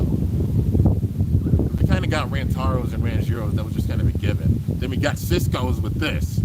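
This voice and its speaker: A man giving casual, excited live commentary on a cartoon episode, describing what happens on screen and calling people "dude". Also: mid-range voice, heavy background noise. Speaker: anime reaction YouTuber.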